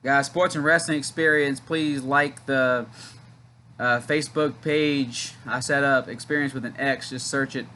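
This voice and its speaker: A man hosting a wrestling watchalong, giving excited play-by-play with loud shouted counts and chatty asides. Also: mid-range voice, unhurried, a little hiss or hum. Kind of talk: excited live play-by-play commentary.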